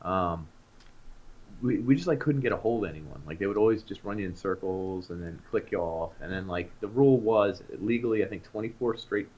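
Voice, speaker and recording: A young man co-hosts a casual podcast, recounting an anecdote with growing energy. His voice sits on the low side, and the audio is dull and lo-fi. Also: a little fast, husky. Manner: animated anecdote-telling, rising to loud excitement. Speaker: podcast co-host. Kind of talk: casual storytelling chat.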